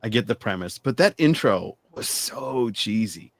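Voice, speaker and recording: A man co-hosting a casual chat, laughing often and telling things in an animated way. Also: lowish voice, a little slow, no room sound. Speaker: podcast co-host.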